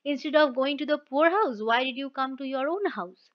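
Brief: woman reading a cross, impatient wife, high and pressing. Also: normal speed, lightly acted. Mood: indignant. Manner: sharp demanding questions. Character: impatient indignant farmer's wife, adult woman. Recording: dull lo-fi recording.

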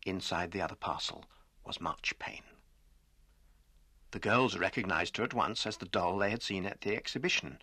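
A man narrating a children's story in a gentle storytelling manner, acting out the characters' lines. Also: low-pitched, moderate pace, slightly rough, no echo.

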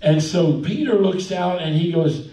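A high-pitched man preaches a folksy, animated sermon, dropping in hallelujahs and amens. His voice rings through an echoey church sanctuary, picked up from a distance. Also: a little slow. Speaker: pastor.

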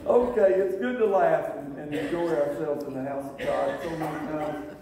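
A man pastor speaks from the pulpit in a folksy, storytelling way, often breaking into laughter. His voice is somewhat high for a man. He is heard from a distance in a very echoey church sanctuary. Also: moderate pace, creaky, a crowd in the background. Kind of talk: church sermon.

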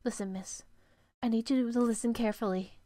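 A woman voicing a stern, secretive guardian who commands in a low, clipped voice and sometimes whispers. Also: fairly even intonation, a little fast, mellow, dry recording, close to an everyday voice. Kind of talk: voicing game dialogue.

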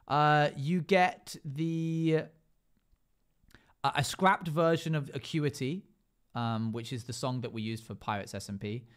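Male streamer, smooth clear voice, casual gaming chat, filler-heavy list reading. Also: mid-range voice, fairly bright tone. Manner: rattles off long lists with many fillers.

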